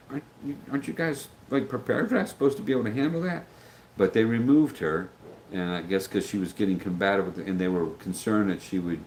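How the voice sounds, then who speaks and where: A middle-aged man with a very low voice and darkish tone chats loosely on a livestream, answering viewer comments, with a faint hum behind him and poor audio overall. His talk rambles; he wanders off track, loses his train of thought, backs up, and acts out the voices of those he quotes.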